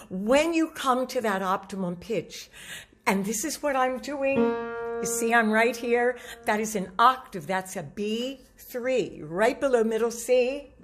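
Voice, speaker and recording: A woman vocal coach giving a lively spoken lesson on voice use, demonstrating pitches as she talks. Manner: animated, demonstrates low and high pitches.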